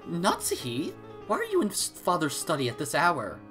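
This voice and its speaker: A man voicing a frantic middle-aged woman who loudly demands to be let in. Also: fairly high pitch, huge pitch swings, moderate pace, over music, pitched above the performer's own voice. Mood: demanding. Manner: loud, insistent shouting.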